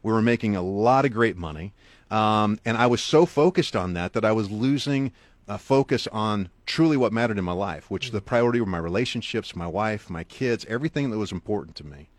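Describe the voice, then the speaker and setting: In a dry recording, this middle-aged man speaks expressively and fairly quickly as a guest speaker and author. Earnest and direct, he relays an inspiring story, using big shifts in pitch and volume to stress points.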